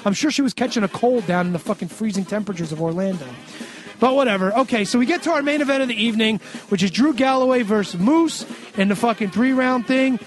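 A man rants sarcastically through a profane, casual recap of a wrestling show for his podcast. His voice sits high and moves quickly, with faint music playing behind him.

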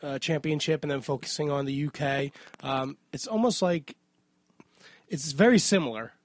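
A hoarse man just over an illness, co-hosting a podcast in a halting way with many ums. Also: fairly high pitch, dry recording. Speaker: podcast co-host.

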